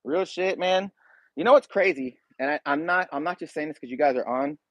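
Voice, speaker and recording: A man's voice: fairly high pitch, fairly quick, a bit bright, no echo, poor audio. Laid-back slangy man chatting. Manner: laid-back, slangy, talks straight to viewers. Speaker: YouTube reaction channel host. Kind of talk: casual livestream chat.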